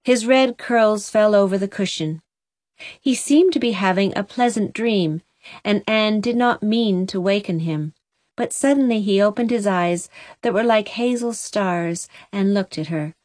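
A woman narrating an audiobook in a gentle, measured reading style. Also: mid-range voice, no echo.

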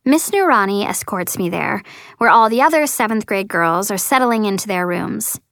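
A woman's voice: mid-range voice, lively intonation, normal speed, gravelly, fairly bright tone, no echo, studio quality. A woman reading a first-person story as an audiobook narrator, earnest and lightly voicing the dialogue.

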